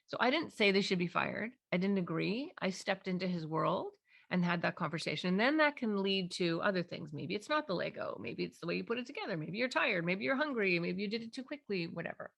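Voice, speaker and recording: Gravelly-voiced woman explaining parenting technique. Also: medium pitch, fairly quick. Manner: animated, acts out parent and child voices. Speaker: parenting clinician and author. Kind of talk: explanatory interview talk.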